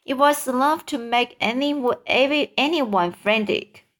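A woman reading a children's book aloud, halting, with slips and self-corrections. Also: sits high, a bit bright. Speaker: reader.

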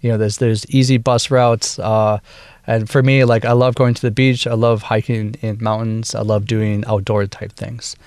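A man in his thirties from Wisconsin with a Midwestern American accent, talking casually as a guest in a radio interview, relaxed and full of fillers. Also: fairly low pitch, moderate pace, smooth, no echo. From Wisconsin, USA. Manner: relaxed, chatty, laughs easily, many fillers. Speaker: bandleader and woodwind player, guest.

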